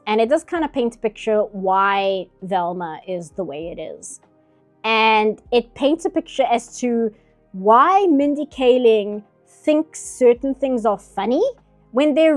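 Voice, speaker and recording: A slightly high-voiced woman chats through her art stream. She rants with strong opinions in a loose, chatty flow. Faint music plays behind her. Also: darkish tone. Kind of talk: casual chat during an art stream.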